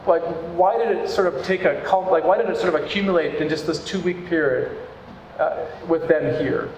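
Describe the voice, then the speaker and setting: A man with a fairly high voice preaches to his church in an earnest, conversational way. His voice rings through a large hall with a long, lingering reverb. Faint room ambience sits underneath. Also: normal speed, a little mellow, slight background noise. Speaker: pastor. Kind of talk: sermon.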